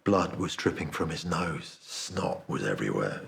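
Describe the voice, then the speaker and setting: A deep-voiced man plays a guilt-ridden narrator, telling his story in a low, hushed, confessional tone. The piece is a dramatic stage-style monologue with an intimate, quiet delivery. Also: sing-song, moderate pace, vocal fry, heavily acted. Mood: haunted, confessional. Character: remorseful man confessing a cowardly betrayal. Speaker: actor performing a monologue.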